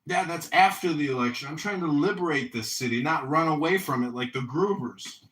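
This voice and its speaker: A man's voice: fairly high pitch, a little fast, a little hiss or hum. A young man in casual chat, a candidate animatedly telling stories and acting out other people's lines. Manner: animated storytelling, acts out quoted voices loudly. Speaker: mayoral candidate.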